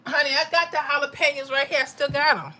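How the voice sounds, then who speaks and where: Woman livestream host, chatty and laughing, bright higher voice, reads chat casually. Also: fairly even intonation, quick pace. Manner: chatty, laughs often, Southern-style speech. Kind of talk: casual live chat with viewers.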